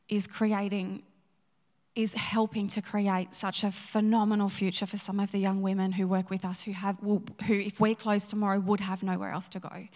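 Woman, charity leader, earnest interview talk full of fillers, flat delivery, long reverb. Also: medium pitch. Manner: earnest, with many fillers like "you know". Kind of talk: interview answers.

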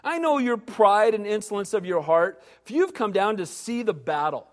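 A man with a notably high voice preaches a sermon in a hall with a long, ringing reverb. He reads scripture and then bursts into animated retellings, voicing the characters himself. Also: normal speed, few pauses. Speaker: pastor.

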